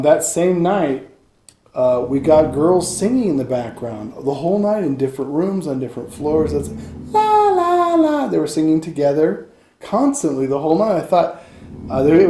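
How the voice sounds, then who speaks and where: Man, podcast host, relaxed and wry, mellow dark tone, echoey room, faint noise. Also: fairly high pitch, brisk. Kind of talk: interview chat.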